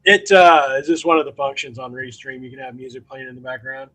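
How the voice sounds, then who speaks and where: A man's voice: medium pitch, fairly quick, a bit bright, low-quality recording. A man hosting a casual streamed chat, easygoing and agreeable. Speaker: host. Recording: faint music behind.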